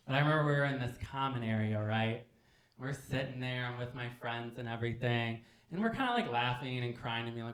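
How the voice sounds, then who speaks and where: Bright-voiced campy male stand-up comic. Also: medium pitch, fairly quick. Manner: animated, campy, acts out voices. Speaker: stand-up comedian. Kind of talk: stand-up storytelling. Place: theater stage. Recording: roomy theater sound.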